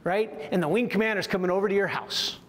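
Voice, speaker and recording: A man with a fairly high voice teaches a communication course to officers and senior leaders. He keeps the room engaged with constant rhetorical questions and checks like "right?". His voice carries a long reverb from a large hall. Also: quick pace. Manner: lively, asks the audience frequent rhetorical questions. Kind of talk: leadership training talk to military officers.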